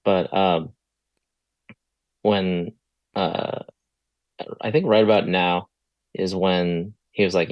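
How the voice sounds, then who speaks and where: A man who is a podcast guest, chatting easily with frequent laughs and halting fillers. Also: deep voice, steady tone, dry recording, lo-fi sound. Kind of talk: casual chat.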